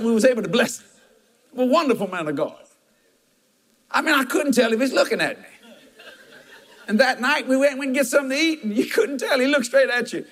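A pastor delivers a sermon in a notably high voice. He mixes firm declarations with folksy, chuckling storytelling and emphatic asides to his congregation. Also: fairly bright tone.

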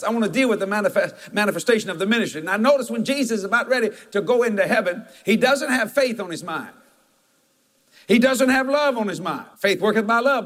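A man's voice: high voice, fairly bright tone. A man preaching a sermon as pastor, telling folksy stories with emphatic asides.

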